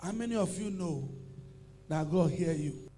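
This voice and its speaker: A man preaching and praying, who swings from loud fiery chanted commands to low murmured teaching and repeats phrases in long chants. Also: expressive, a little slow, soft background music. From Nigeria. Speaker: pastor. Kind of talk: sermon.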